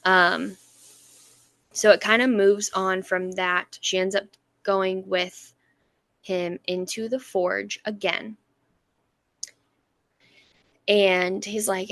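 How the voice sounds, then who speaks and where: A woman's voice: medium pitch, level tone, slow, fairly bright tone, dry recording. A woman co-hosting a book podcast, casually retelling chapters and acting out the characters' lines with frequent laughter. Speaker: podcast co-host.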